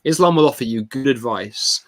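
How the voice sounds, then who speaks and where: A man speaking as a guest author in an interview, telling a story in an animated, emphatic way. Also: mid-range voice, brisk. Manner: animated, acts out quoted voices; emphatic, expressive. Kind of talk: conversational storytelling.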